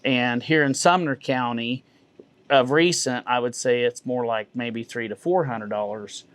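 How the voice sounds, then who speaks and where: A middle-aged man, a realtor and auctioneer answering interview questions in a measured, folksy way with many fillers. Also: medium pitch, fairly even intonation, fairly bright tone.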